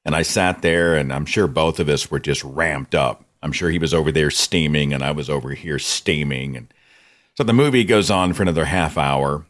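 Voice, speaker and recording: A man's voice: a bass voice, normal speed, a bit bright. A man hosting a podcast, telling a personal story in a candid, self-critical, conversational way. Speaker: podcast host. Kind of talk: reflective personal storytelling monologue.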